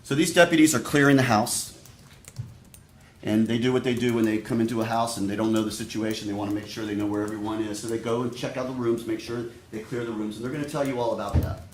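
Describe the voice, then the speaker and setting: A man giving a prosecutor's opening statement to a jury, speaking deliberately and straight to the jurors. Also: fairly low pitch, fairly even intonation, a little hiss or hum. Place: courtroom. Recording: echoey courtroom audio.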